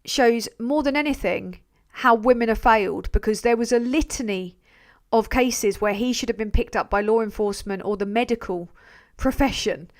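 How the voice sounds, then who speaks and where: A woman's voice: a little high, normal speed, hardly any pauses. A woman hosting a live stream, talking bluntly with frequent swearing, rambling between points and reading out viewer messages. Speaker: livestream host.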